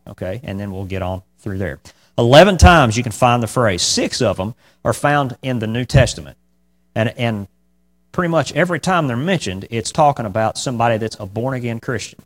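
A man preaching a verse-by-verse Bible teaching, chatty, checking in with "okay?", turning loud and high when he presses a point, with dry sarcastic asides. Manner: conversational, repeats "okay?" to the congregation.

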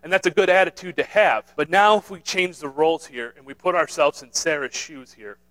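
A man's voice: a little high, expressive, a little fast, fairly bright tone, rough recording. Earnest man preaching with repeated restarts. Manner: earnest, repetitive, with many restarts and "right?" tags. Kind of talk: sermon.

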